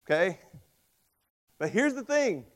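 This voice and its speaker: A man preaching a sermon, telling stories and acting out quoted voices with lively emphasis. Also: sits high, slow pace. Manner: storytelling with dramatic voiced quotes; animated, rising loud on emphasis. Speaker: pastor.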